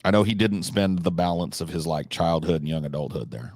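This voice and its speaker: Man, deep voice, dry close sound, livestream host, well-spoken, drifts into a country drawl. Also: a little fast, creaky, a little mellow, no room sound. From California. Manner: articulate, reflective, slips into a country drawl at times. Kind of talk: casual livestream chat answering viewers.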